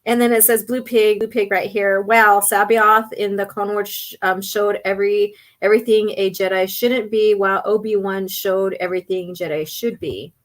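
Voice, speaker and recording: A woman hosting a casual chat show. She talks in an unhurried, chatty way, laughs often, and is losing her voice. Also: medium pitch, fairly even intonation. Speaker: host.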